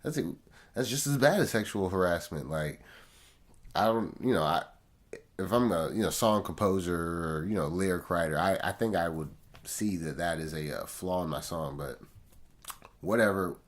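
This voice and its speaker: A man with a low voice talks at a normal pace, reviewing an album track by track in a slangy, laid-back way aimed right at his viewers. It's casual music review commentary, with faint music in the background.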